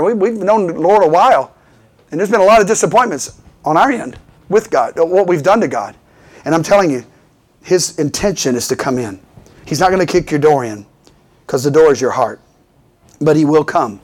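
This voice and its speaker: A fervent male preacher with a fairly high voice, delivering a call-and-response sermon. He keeps pulling the congregation in with repeated calls for "Amen.". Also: animated, brisk.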